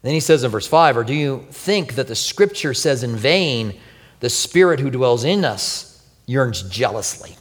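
A man preaching a sermon as pastor, telling personal stories with lively, animated delivery and acting out quoted prayers in a soft voice. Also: mid-range voice, measured pace, big-room sound. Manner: animated storytelling, acts out quoted prayers softly.

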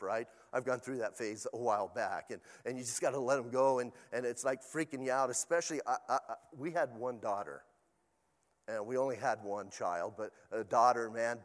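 A man's voice: mid-range voice, big-room sound. An older man, a pastor, preaching a sermon in a chatty, storytelling way with asides to the congregation.

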